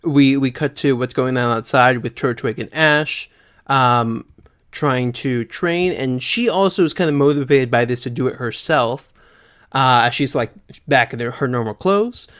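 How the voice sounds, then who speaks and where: A man's voice: medium pitch, measured pace, a bit bright. A man co-hosting a podcast, chatting casually through an episode recap with frequent laughs and many fillers. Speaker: podcast co-host.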